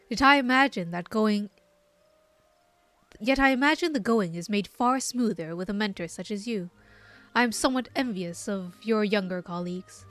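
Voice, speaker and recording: A woman's voice: medium pitch, fairly bright tone, dry recording, close to an everyday voice. Courteous game scholar, voiced by a woman streamer, stately and polished. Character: courteous, formal scholar summoner.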